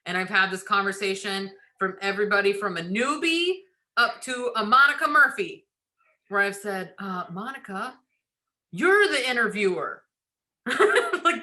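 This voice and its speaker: A woman's voice: fairly high pitch, bright, forceful tone. A woman giving a casual sales training, chatty and laughing, acting out quoted lines. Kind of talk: casual recruiting training talk.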